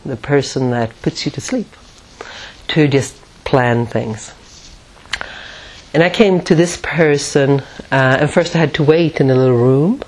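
A woman's voice: very deep voice, unhurried, a little mellow. A woman teaching at a retreat, telling a personal story in a reflective way and often laughing at herself.

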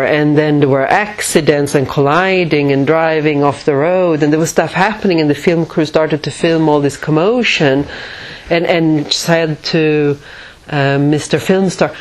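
A woman meditation teacher giving a spiritual talk in a measured, reflective way, pausing often. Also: low-pitched, rough recording. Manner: measured and reflective, with many pauses.

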